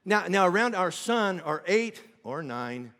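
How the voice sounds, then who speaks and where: A man preaching a sermon as pastor, conversational and animated, with asides and self-corrections. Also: sits high, measured pace. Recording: long hall reverb.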